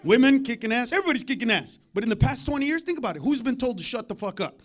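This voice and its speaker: Stand-up comic, man, very high voice; rowdy, foul-mouthed, veers from shouted bits to muttered asides on a club stage. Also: animated, very fast. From United States. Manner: loud, profane, swings between shouting and muttering asides. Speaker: stand-up comedian. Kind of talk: stand-up comedy set.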